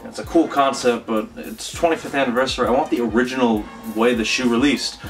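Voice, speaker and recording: A man's voice: medium pitch, fairly quick, distant mic. Young man, sneaker vlog, rambling and chatty, set back from the mic, faint music under him. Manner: chatty, rambling, animated with emphatic repeats. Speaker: sneaker vlogger. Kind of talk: casual vlog unboxing.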